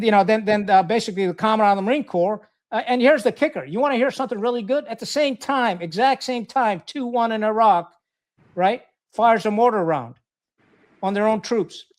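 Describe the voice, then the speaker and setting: Man, middle-aged, high voice, blunt, profane, animated storyteller, podcast guest. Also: a little fast. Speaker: podcast guest, retired Marine officer.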